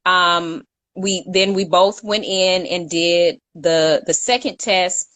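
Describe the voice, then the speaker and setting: A woman's voice: fairly low pitch, slow, fairly bright tone. A woman co-hosting a casual talk show, telling a long story in a chatty way and stopping to correct her own slips with a laugh. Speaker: co-host.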